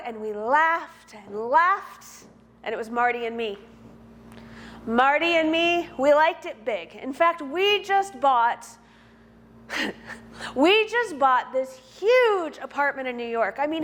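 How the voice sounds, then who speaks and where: A woman's voice: sits high, a bit bright. A woman playing a giddy newlywed wife. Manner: gushing, rambling storytelling.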